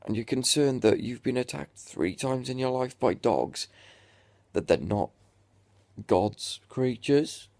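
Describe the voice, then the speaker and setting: A man's voice: mid-range voice, lively intonation, slow, vocal fry, a little mellow, dry recording. A young man ranting in a sweary, exasperated and sarcastic reaction vlog. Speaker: vlogger.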